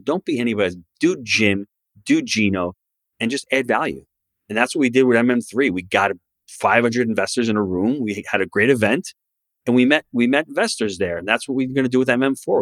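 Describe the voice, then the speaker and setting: A man's voice: on the low side, fairly bright tone, no room sound. A man who is a guest on a podcast, talking about real estate investing in an emphatic, promotional way. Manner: emphatic, promotional advice-giving. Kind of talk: podcast interview.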